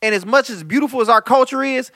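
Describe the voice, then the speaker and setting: A man hosting a podcast, telling stories in animated, slang-heavy casual chat. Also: very high voice, quick pace. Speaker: podcast host.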